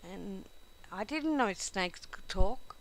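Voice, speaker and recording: A woman's voice: mid-range voice, expressive, takes it slowly, poor audio. A woman voicing a faithful young woman who refuses firmly and earnestly in a storybook. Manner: firm and earnest.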